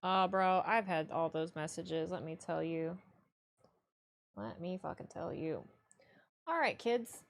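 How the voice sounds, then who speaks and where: A woman's voice: fairly low pitch, animated, slow pace, gravelly, pauses often. Joking, foul-mouthed young woman streamer. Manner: joking, blunt, swears freely. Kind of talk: casual live-stream chat.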